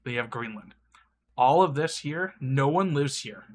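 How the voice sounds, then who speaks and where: A man's voice: mid-range voice, expressive, moderate pace, a little hiss or hum. A young man streaming a game, ranting in a crude, mocking way and laughing often. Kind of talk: casual game-stream rant.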